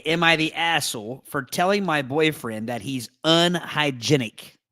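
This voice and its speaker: A man's voice: a little high, measured pace, pushed and bright, no room sound, studio quality. A man co-hosting a live podcast in a casual, joking chat, reading a forum post aloud with playful asides. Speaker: podcast co-host.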